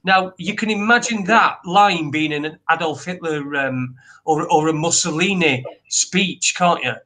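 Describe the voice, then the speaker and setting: Rambling man, slightly high voice. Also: unhurried, bright, forceful tone. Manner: rambling, hesitant, reads articles aloud. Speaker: podcast co-host. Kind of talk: casual news chat.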